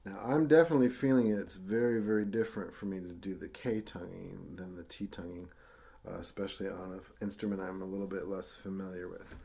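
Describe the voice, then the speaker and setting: A man with a low, warm voice, vocal fry and a steady tone speaks briskly during a brass lesson. Patient and casual, using fillers, he sounds out tonguing syllables for students to copy.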